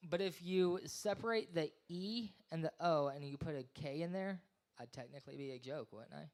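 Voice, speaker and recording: A man's voice: a little high, normal speed, a little mellow. A man in his thirties doing rambling, self-deprecating stand-up at an open mic, acting out voices. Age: 30s. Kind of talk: stand-up comedy. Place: small live venue.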